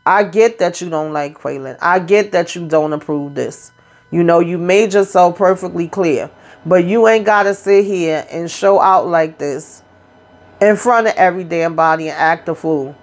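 Blunt, profane woman recapping reality TV. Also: on the low side. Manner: blunt, profane, retells scenes in quick acted-out quotes. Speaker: YouTube reality TV recap host. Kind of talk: casual spoken recap.

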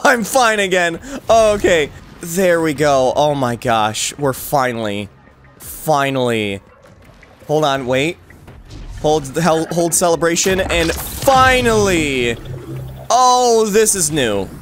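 An excitable young man narrates his gameplay, his voice rising and falling sharply as he laughs and shouts at the game. He talks slowly, with faint game music underneath. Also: a little high. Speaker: gaming YouTuber. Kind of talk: game commentary.

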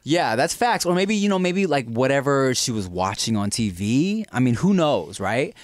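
A man in his thirties from the United States, co-hosting a podcast and telling animated, jokey childhood stories in casual chat. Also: medium pitch, normal speed, no room sound, clean studio sound. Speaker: podcast co-host.

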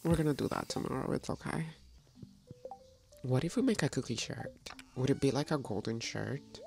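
Gravelly-voiced woman chatting through a game. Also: extremely low pitch, animated, moderate pace, darkish tone, faint music behind. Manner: chatty and playful, talks to game characters and viewers. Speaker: gaming video host. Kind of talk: casual let's-play commentary.

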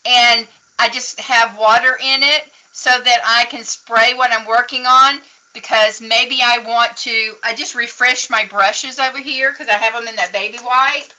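A woman's voice: fairly high pitch, steady tone, unhurried, bright, forceful tone, poor audio. A woman teaching a casual painting lesson at a craft table, chatty and encouraging as she explains each step. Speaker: craft instructor.

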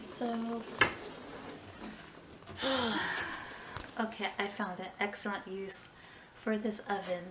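A woman's voice: medium pitch, steady tone, takes it slowly, pauses often, reverberant, very noisy. Tired chatty woman vlogging at home. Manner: chatty, dramatic sighs and playful exaggeration. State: tired and short of breath. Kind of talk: casual vlog chat. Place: home kitchen. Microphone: phone on a selfie stick.

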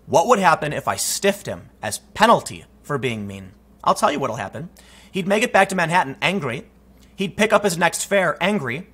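Male political commentator, emphatic and talky; forceful delivery with a husky rasp. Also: mid-range voice. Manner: emphatic, conversational, frequent restarts. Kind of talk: opinion commentary, storytelling.

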